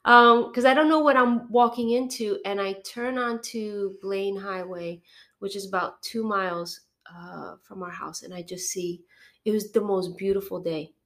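A woman's voice: mid-range voice, a little slow, a bit bright. A middle-aged woman, a podcast guest, giving an emotional personal testimony, acting out her phone calls and sniffling now and then from allergies.

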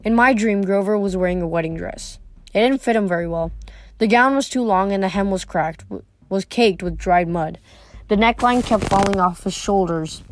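A woman reading a novel aloud in a steady, plain storytelling voice. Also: mid-range voice, no echo. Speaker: reader. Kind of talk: audiobook reading.

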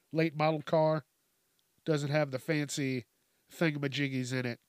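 A man riffing on news stories in a rambling comedic rant, cursing often and breaking into laughter. His delivery is slow and unhurried, and his voice sits a little higher than most men's. The sound is dry and close, with no room echo. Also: clean tone. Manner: profane, ranting, laughs often. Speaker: host.

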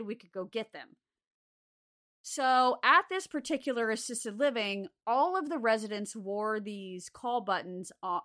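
A young adult woman telling a story from her days as a care aide, relaxed and unhurried, with lots of "like" fillers. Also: medium pitch, clear, resonant tone. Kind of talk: casual spoken ghost story.

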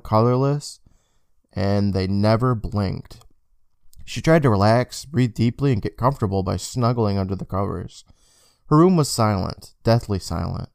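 Man reading a spooky story, lively. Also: gravelly, no room sound, clean studio sound. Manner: lively, dramatic reading with wide pitch swings. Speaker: podcast host reading a book aloud.

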